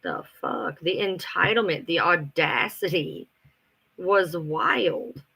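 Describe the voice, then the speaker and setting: Bright-voiced streamer ranting fast. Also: medium pitch, vocal fry, breathy edge. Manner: heated, profane, talks fast in bursts. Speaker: livestream host. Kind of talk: casual livestream rant.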